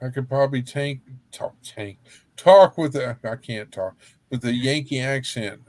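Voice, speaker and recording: A man's voice: mid-range voice, moderate pace, dry recording. A man from Texas hosting a livestream in casual chat, rambling and joking with frequent laughs. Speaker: livestream host.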